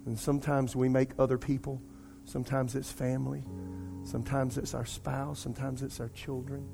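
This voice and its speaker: A middle-aged man, a pastor preaching a sermon and telling a personal story in an animated way. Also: medium pitch, moderate pace, vocal fry, over music. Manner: animated storytelling, addresses congregation as "y'all".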